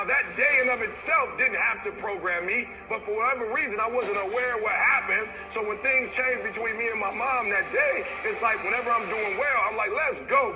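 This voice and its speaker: A man's voice: high voice, low-quality recording. A man giving an emotional, preacherly motivational talk at a conference, addressing the crowd directly. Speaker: motivational speaker.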